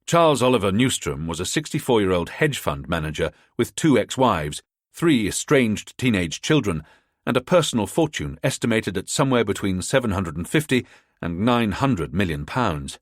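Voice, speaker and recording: A man narrating a spy thriller audiobook in a measured storytelling manner, close to the mic. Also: fairly low pitch, big pitch swings, dry recording. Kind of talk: scripted narration.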